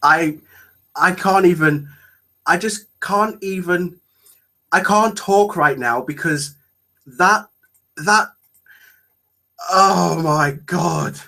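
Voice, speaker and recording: Guy tearing up over a trailer, bright voice, slow halting words, keeps saying oh my god. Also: high-pitched. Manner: gushing, breathless exclamations, halting restarts. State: close to tears. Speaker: fan reacting to a trailer. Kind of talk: emotional reaction video.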